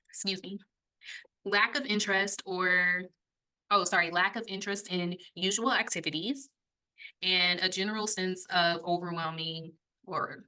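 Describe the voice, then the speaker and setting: A young woman co-hosting a casual podcast, talking in a fairly low but bright, forward voice. She explains things in a chatty way, laughs easily, and runs a little short of breath when she gets excited. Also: poor audio. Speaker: podcast co-host. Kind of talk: casual chat explaining a health topic.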